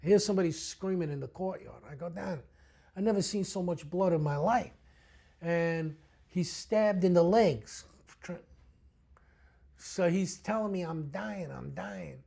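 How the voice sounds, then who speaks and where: A man's voice: high voice, a little slow, gravelly, pauses often. A middle-aged man with a New York accent, a retired police detective telling blunt, profane stories in an interview. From the Bronx, New York. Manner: blunt, profane, animated street-tough storyteller. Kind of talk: storytelling interview talk.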